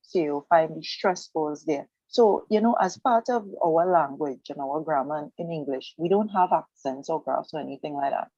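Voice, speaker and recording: A woman's voice: deep voice, warm tone, no room sound, muffled recording. Patient woman teaching on the radio. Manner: patient, explanatory, repeats words slowly. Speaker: Spanish teacher. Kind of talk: radio language lesson.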